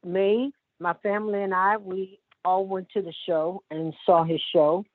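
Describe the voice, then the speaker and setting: A woman tells a tender story slowly, dropping almost to a hush at the key moments. The recording is dry and narrow, close to phone-like. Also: medium pitch, fairly even intonation, no echo. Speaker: former backing singer. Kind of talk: heartfelt storytelling. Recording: tinny, dry sound.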